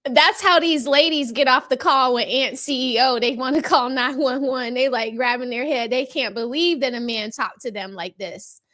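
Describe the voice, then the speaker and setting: A woman's voice: sits high, moderate pace, hardly any pauses, a bit bright. A woman hosting a casual livestream show from home, reading viewer comments and giving sassy, chatty commentary with frequent laughs. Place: home room with a window open. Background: dog barking.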